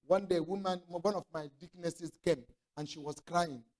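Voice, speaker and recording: High-voiced male preacher. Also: fairly even intonation, normal speed, darkish tone. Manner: storytelling preacher who acts out quoted dialogue; rhetorical questions to the congregation. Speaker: pastor. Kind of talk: sermon.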